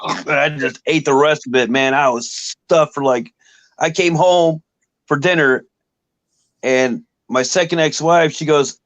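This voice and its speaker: A man telling stories in a loose chat, animated and slipping into the voices of everyone he quotes. His voice sits a little higher than most men's. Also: a little slow, dry recording. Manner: animated storyteller who acts out quoted voices. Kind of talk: casual storytelling chat.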